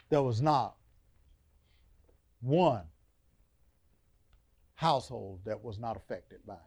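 A man preaching a Bible lesson to a congregation, dynamic and conversational, dropping quiet and then booming, with informal church vernacular. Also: takes it slowly, long pauses, slightly rough. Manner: dynamic, call-and-response, drops soft then booms. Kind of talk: sermon.

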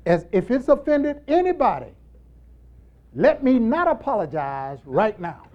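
Animated male preacher, swinging loud to soft. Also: very high-pitched, measured pace, highs cut off. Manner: repetitive, emphatic call-and-response delivery. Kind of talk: sermon.

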